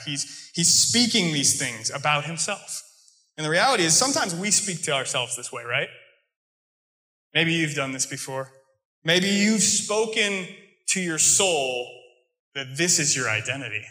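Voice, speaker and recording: Bright-voiced American pastor preaching. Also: male voice, fairly high pitch, lively intonation, measured pace, pauses often. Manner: conversational storytelling preaching. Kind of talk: sermon. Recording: echoey room sound.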